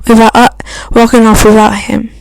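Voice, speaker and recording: A woman's voice: a little high, monotone, vocal fry, a little mellow, a little hiss or hum, low-quality recording. A woman reading a fan story aloud, stumbling and restarting often. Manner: halting reading with frequent restarts. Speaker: fan fiction reader.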